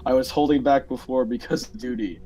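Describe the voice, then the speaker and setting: A man's voice: medium pitch, fairly even intonation, a little fast, warm tone, a little hiss or hum, close to an everyday voice. A man voicing a boastful cartoon cat hero and ladies' man, with overblown mock-heroic bragging. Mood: cocky.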